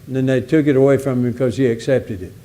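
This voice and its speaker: A man's voice: medium pitch, fast, warm tone, slight background noise. A man preaching a sermon in a folksy, emphatic way, repeating key words for weight. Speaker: visiting preacher.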